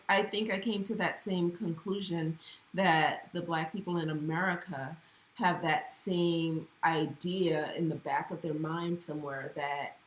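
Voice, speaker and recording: A woman co-hosting a podcast, speaking in a thoughtful, measured, reflective way. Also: deep voice. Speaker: co-host. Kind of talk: casual podcast conversation. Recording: echoey room.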